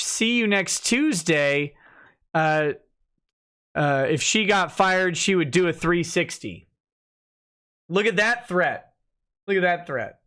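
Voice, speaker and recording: A man's voice: high voice, bright, forceful tone, clean tone. A man hosting a casual livestream, reading documents aloud and breaking in with sarcastic, mocking asides.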